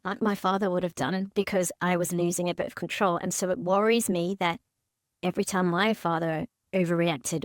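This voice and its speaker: A woman in counselling, speaking hesitantly and haltingly about her fears, with frequent restarts. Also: on the low side, no room sound, studio quality. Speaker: mother seeking counselling. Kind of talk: emotional counselling conversation.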